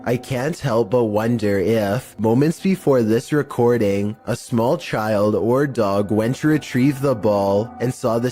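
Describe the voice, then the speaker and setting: Male narrator, scripted, ominous pacing, soft music bed. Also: medium pitch. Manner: slow, ominous storytelling.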